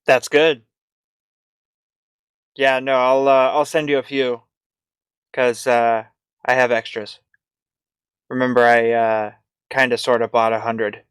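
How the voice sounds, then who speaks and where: Man, podcast co-host, hesitant, casual tech talk, smooth voice, dry close sound. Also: mid-range voice, flat delivery, takes it slowly, pauses often, a bit bright, no echo. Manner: hesitant, lots of restarts.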